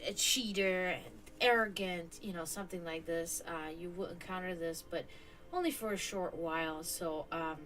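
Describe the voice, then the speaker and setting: A woman hosting a home livestream, chatting casually and rambling, who laughs often, swears, and slips into high sing-song baby talk with her cats. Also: a bit bright, poor audio. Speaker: esoteric stream host. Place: home, indoors.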